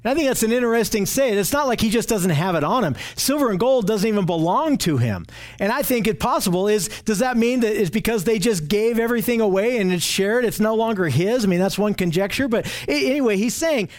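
Man with a high voice leading a group Bible study, earnest and explanatory. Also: lively intonation, fairly quick. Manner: earnest and explanatory, often asks the group questions.

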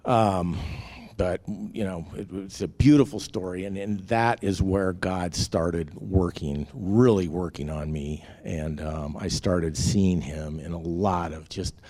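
A man's voice: sits low, steady tone, slow, mellow, no echo. A man giving a rambling, candid personal testimony, full of fillers and restarts. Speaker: testimony speaker.

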